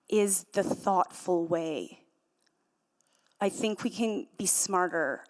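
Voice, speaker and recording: A woman's voice: on the low side, a little mellow. Earnest woman testifying at a council hearing. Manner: earnest, measured, persuasive. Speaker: community representative speaking at a council hearing. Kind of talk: public hearing testimony, unscripted. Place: council chamber.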